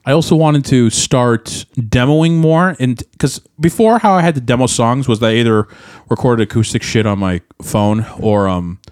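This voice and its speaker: A man's voice: medium pitch, moderate pace, few pauses, darkish tone, clean tone, no echo. A young man with a mid-range voice talks candidly in a podcast chat. He rambles, restarts his sentences and leans on fillers. The sound is dry and close. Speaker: podcast co-host, musician.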